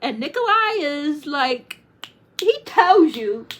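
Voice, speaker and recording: A woman's voice: high-pitched, big pitch swings, takes it slowly, a bit bright. A woman chatting casually to camera about her favorite books, gushing and emotional, close to tears, with lots of "like" fillers. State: tearful, near crying. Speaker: book reviewer. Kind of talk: casual book chat to camera.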